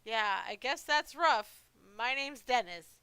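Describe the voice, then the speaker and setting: A woman's voice: on the high side, animated, takes it slowly, bright, forceful tone, clean tone, no room sound, voice pushed up, heavily acted. Woman playing a nervous young hero. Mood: timid. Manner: timid, polite. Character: nervous young man, wary game hero.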